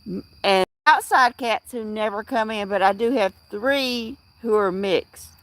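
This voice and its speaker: A woman's voice: medium pitch, unhurried, no echo. A middle-aged woman hosting a casual livestream, rambling with many fillers and restarts as she answers viewers in chat. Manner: replies to chat viewers by name. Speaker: livestream host.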